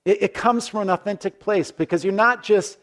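A man's voice: sits high, a little fast, fairly bright tone. A man preaching a conversational sermon as a pastor, telling stories in an earnest, folksy way with frequent restarts.

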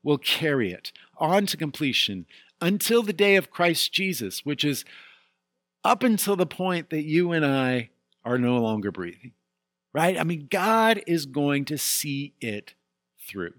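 A man's voice: on the high side, very animated, unhurried, fairly bright tone, dry recording, studio quality. A middle-aged man preaching a sermon as pastor, telling a candid personal story and building to emphatic peaks.

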